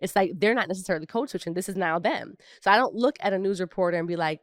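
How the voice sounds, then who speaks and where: A woman's voice: lowish voice, rapid-fire, few pauses, no echo, clean studio sound. A woman from Brooklyn, co-hosting a podcast and telling personal stories in casual conversation. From Brooklyn, New York. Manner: reflective storytelling with asides. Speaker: podcast co-host.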